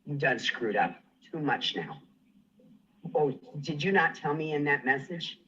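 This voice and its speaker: A man's voice: fairly high pitch, sing-song, unhurried, pushed and bright, slight background noise. A man on a livestream, ranting furiously and threatening someone, swearing and refusing to back down. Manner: furious, threatening, profane, defiant. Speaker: livestream guest. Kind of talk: angry livestream rant. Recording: muffled livestream audio.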